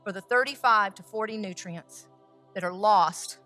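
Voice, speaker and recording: A woman, a food scientist and baker, telling a lively story and acting out the voices of the people in it. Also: mid-range voice, moderate pace, soft background music. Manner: lively, acts out quoted dialogue. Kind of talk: storytelling talk.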